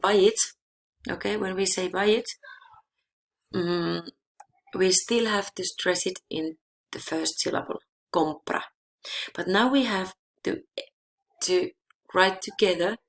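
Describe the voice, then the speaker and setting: A woman's voice: mid-range voice, gravelly. A woman teaching a language lesson, explaining grammar rules patiently and checking in with her viewers with frequent "okay?". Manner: slow repeating of example words. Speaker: Spanish teacher.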